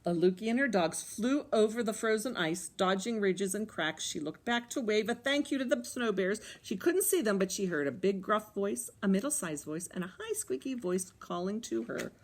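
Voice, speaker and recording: A woman's voice: mid-range voice, moderate pace, hardly any pauses. A woman running a children's storytime in a library, reading aloud and asking the children questions. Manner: animated, coaxing, asks the kids questions. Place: library room.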